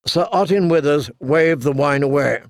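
Male narrator, a touch higher than usual, gravelly, dry booth sound. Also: moderate pace, no echo. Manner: steady storytelling. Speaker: audiobook narrator. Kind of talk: scripted narration.

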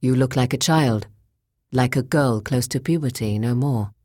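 A woman reading the lines of a calm, cryptic male cyborg with a deep, resonant voice, in terse, measured replies. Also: no echo, clean studio sound. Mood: cool.

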